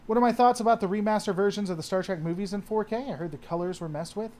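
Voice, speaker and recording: A man's voice: high voice, fast talker, darkish tone. A man hosting a casual livestream, answering chat and often trailing off and restarting his sentences.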